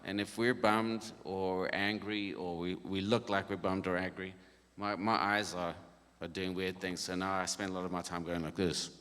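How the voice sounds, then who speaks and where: A middle-aged man talks through a band workshop in a loose, joking way, his voice bright and forward. The long reverb of a conference hall hangs behind every phrase. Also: low-pitched, level tone, moderate pace. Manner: easygoing and jokey, with frequent laughs. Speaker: worship leader leading a band workshop. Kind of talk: casual workshop talk.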